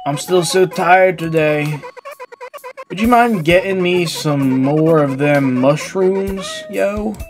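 A woman voicing a lazy, sleepy stoner man in a game, talking in a slow, drowsy drawl. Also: fairly low pitch, faint music behind.

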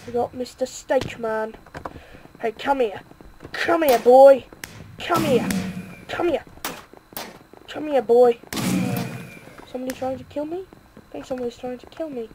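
A woman giving excitable, self-mocking live commentary while playing a game, swearing and cheering in bursts. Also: high-pitched, unhurried, long pauses, background noise. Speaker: gaming video creator.

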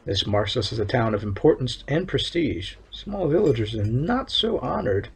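A man reading a stern town overseer, gravelly. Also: medium pitch, big pitch swings, heavily acted. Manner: formal, measured line reading. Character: stern male town overseer upholding harsh law.

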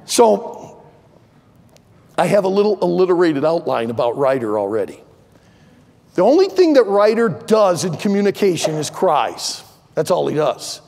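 An older man preaching a sermon as pastor, swinging from loud impassioned pleading to quieter conversational asides. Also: a little high, very animated, moderate pace, vocal fry, long pauses, big-room sound. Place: large church sanctuary.

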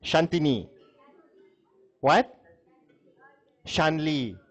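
A man's voice: a little high, expressive, very slow. A man giving a classroom lecture, chatting with students, asking questions and laughing often.

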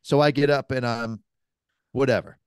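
A man with a smooth, clear voice tells a rowdy story, swearing freely and building it up with energy. The sound is dry and close, with no room echo, as in a mobile podcast studio. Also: medium pitch, normal speed. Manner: animated, profane storyteller. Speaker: podcast guest, cigar shop owner. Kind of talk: anecdotal storytelling.

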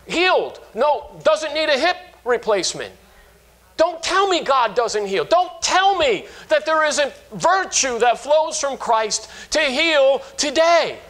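A man in his fifties, a pastor preaching a sermon and retelling stories in an animated way, often restarting his sentences. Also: extremely high pitch, slow pace. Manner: animated storytelling with frequent restarts.

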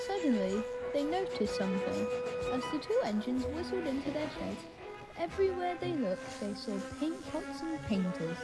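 Female storybook narrator, higher pitch, bright lively reading, music bed behind. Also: normal speed, rough recording.

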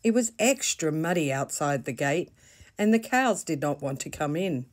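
A woman with an Australian accent, reading a children's bedtime story slowly and gently. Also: low-pitched, lively intonation. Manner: slow, gentle, deliberate reading.

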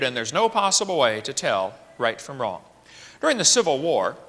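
A man's voice: on the high side, bright, forceful tone, long reverb tail. A man giving a sermon-style lecture on creation, folksy and joking, full of rhetorical questions. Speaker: creationist speaker.

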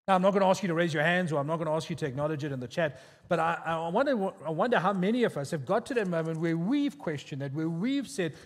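Lay it out for the congregation like a South African pastor telling a story, chatty and a little high, with a long reverb in the hall behind you. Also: male voice, lively intonation, fast. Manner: conversational storytelling with quoted voices. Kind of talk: sermon. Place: church hall.

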